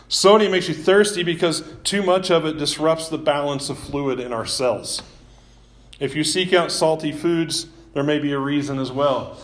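A man preaching a sermon as pastor, talking in a relaxed, conversational way with self-deprecating asides, live-streamed from a church. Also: mid-range voice.

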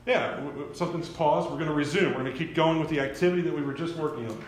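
A man's voice: on the high side, quick pace, echoey room. A man preaching a sermon as a pastor in a church. He talks conversationally, often restarts his words and poses questions to the congregation. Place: church sanctuary.

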